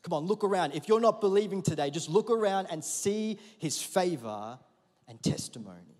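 A man preaching a sermon in a church hall, conversational and then rising to loud emphatic peaks. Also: sits high, lively intonation, normal speed. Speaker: pastor. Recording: hall reverb.

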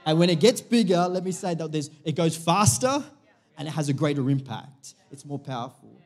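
Chatty pastor preaching, higher voice. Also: male voice, lively intonation, moderate pace, darkish tone. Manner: chatty, jokey, self-interrupting preaching. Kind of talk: sermon. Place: church service with congregation.

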